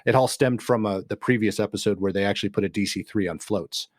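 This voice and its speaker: A man with a low voice talks casually on a podcast. He tells stories in a relaxed way, with fillers and small restarts. The sound is dry and close. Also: quick pace, no echo. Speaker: podcast co-host. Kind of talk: casual chat.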